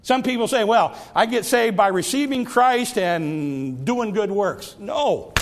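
A man preaching a sermon, repeating and stretching key phrases, sometimes sinking to a hush and sometimes rising to a cry. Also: high-pitched, expressive, background noise. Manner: drawn-out emphatic phrases, dropping to near whispers; repeats phrases and stumbles on restarts.

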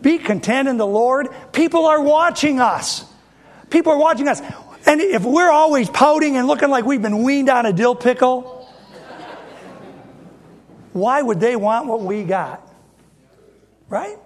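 A high-pitched man in his fifties preaching to his congregation. He speaks in a folksy, emphatic way and keeps returning to the same rhetorical question. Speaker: pastor. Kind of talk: sermon.

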